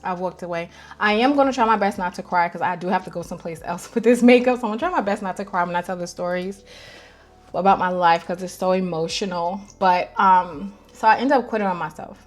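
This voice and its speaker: A woman's voice: lowish voice, fast, soft background music. A woman in her thirties from New York telling her own life story in a candid, emotional vlog, talking straight to her viewers. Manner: candid, confiding, emotional, calls listeners "girl". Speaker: vlogger. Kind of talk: personal storytelling to camera.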